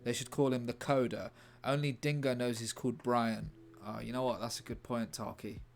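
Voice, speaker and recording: A man's voice: mid-range voice, flat delivery, moderate pace, vocal fry, slight background noise. A British man streaming as a comedian, rambling and joking casually as he chats to viewers. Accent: British English. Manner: rambling, jokey, chatting to viewers. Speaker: comedian streaming a writing session. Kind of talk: casual livestream chat.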